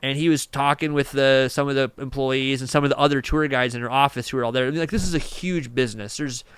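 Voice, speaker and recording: Podcast guest, man from Michigan, animated rambler doing quick voices for others, smooth voice in a dry studio. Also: medium pitch, no echo. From Michigan, USA. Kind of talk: casual storytelling interview.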